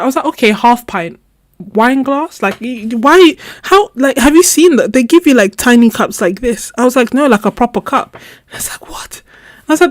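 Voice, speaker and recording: A young adult woman chatting casually with her viewers, telling an animated story and laughing often. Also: high-pitched, no echo, clean studio sound. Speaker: art channel host. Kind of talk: casual live chat story.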